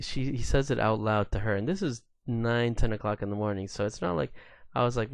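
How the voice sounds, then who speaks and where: A man's voice: medium pitch, fairly quick, vocal fry, no echo. A man in his thirties hosting a podcast, telling a story on his own in a loose, profane way with many fillers. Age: 30s. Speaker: podcast host. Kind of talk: casual solo storytelling rant.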